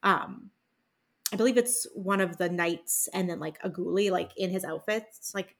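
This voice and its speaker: A woman's voice: lowish voice, moderate pace. A young woman co-hosting a podcast in casual chat, talking loosely with many fillers. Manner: chatty, many fillers, laughs along. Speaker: podcast co-host.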